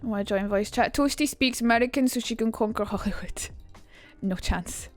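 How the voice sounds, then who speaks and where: A woman's voice: on the high side, fairly quick, soft background music. Chatty woman streaming. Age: young adult. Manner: chatty, swearing, rambling. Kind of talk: casual livestream teaching.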